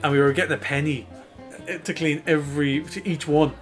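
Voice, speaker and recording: A man's voice: on the high side, steady tone, fairly quick, faint music behind. An Irish man co-hosting a podcast, telling stories in casual chat, laughing often and swearing freely. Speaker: podcast co-host.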